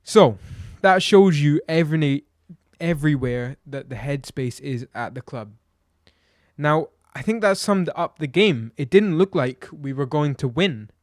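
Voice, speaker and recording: A man's voice: fairly high pitch, expressive, measured pace, dry recording, clean studio sound. Blunt ranting male football fan. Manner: blunt and exasperated, ranting with rhetorical questions. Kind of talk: opinionated match review vlog.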